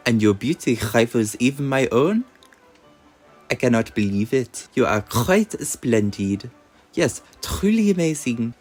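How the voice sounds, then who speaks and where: A man voicing an elegant, vain woman gym leader and makeup artist, in a theatrical, mock French accent. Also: medium pitch.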